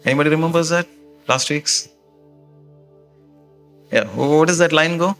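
A man's voice: fairly high pitch, moderate pace, pauses often, a bit bright, soft background music. A male pastor preaching a sermon in a conversational way, often checking in with the congregation with questions and "okay?".

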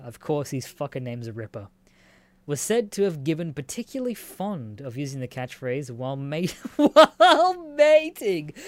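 A man's voice: a little high, no room sound. Aussie guy on his podcast, reads news then swears and cracks up at it, dry close sound. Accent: Australian. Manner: sweary, laughs a lot, animated reactions. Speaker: podcast host. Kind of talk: casual solo podcast, reading and reacting to news.

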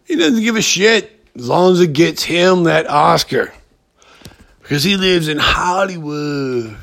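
A man talks slowly through a rambling, profane podcast rant. His voice has a gravelly, fry-laden edge, and he keeps stopping and restarting his sentences. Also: medium pitch. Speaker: podcast host. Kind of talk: casual ranting monologue.

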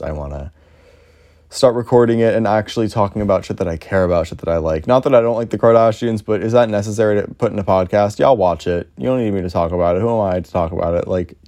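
Young guy rambling on his own podcast, kinda low mellow voice, swears a lot, laughs at himself. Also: fast. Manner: rambling, self-deprecating, swears freely. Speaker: podcast host. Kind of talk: casual solo podcast monologue.

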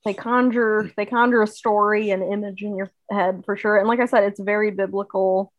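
A woman in her twenties co-hosting a podcast, chatting quickly with fillers and bursts of laughter. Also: medium pitch, steady tone, no echo, muffled recording, close to an everyday voice. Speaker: podcast co-host. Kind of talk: casual chat.

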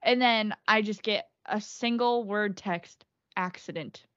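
A woman guest on a podcast telling a story in casual chat, quick and excitable as she quotes herself. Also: mid-range voice, smooth, no room sound, dull audio.

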